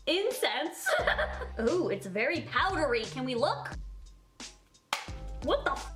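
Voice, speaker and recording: A woman's voice: high-pitched, very animated, normal speed, pauses often, over music. A young woman filming a casual makeup tutorial, bubbly and gushing, often giggling. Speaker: beauty vlogger.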